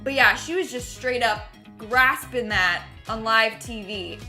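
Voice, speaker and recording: Casual female reaction host, slangy and giggly, bright, a bit high. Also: a little slow, faint music behind.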